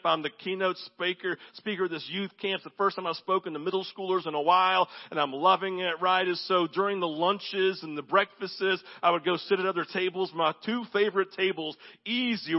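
High-voiced animated male pastor preaching. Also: lo-fi sound. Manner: animated, swings to low intense quiet. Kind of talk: sermon with storytelling.

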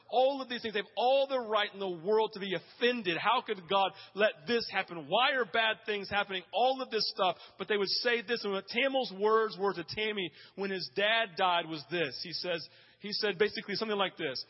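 A man preaching a sermon, telling stories with passion and hammering home points through repetition. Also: high voice. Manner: passionate storytelling with emphatic repetition. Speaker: pastor. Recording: reverberant dull hall sound.

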